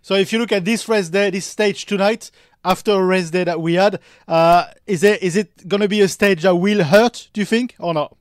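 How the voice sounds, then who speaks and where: Podcast host, man, high voice, dry sound, brisk questions. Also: steady tone, no room sound. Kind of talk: casual podcast interviewing.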